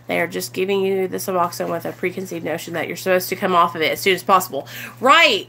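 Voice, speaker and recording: A woman's voice: on the low side, fast talker, creaky, sharp tone, a little hiss or hum. A woman talking casually to her viewers on a livestream, earnest and rambling with plenty of ums and you-knows. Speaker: recovery vlogger.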